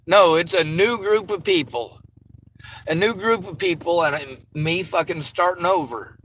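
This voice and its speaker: A man's voice: sits high, measured pace, fairly bright tone, a little hiss or hum, rough recording. A man venting frustrated commentary in a vlog, ranting and swearing. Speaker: vlogger.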